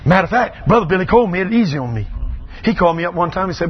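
An older man, preaching a revival sermon in a church auditorium, telling folksy stories that build into shouting. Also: high-pitched, animated, very fast, slightly rough, lo-fi sound. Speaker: pastor.

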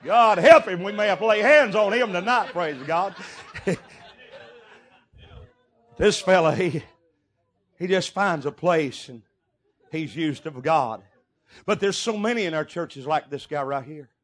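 A middle-aged man preaching a sermon, telling folksy stories and breaking into shouted bursts. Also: high-pitched, lively intonation, a little slow, pauses often. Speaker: pastor.

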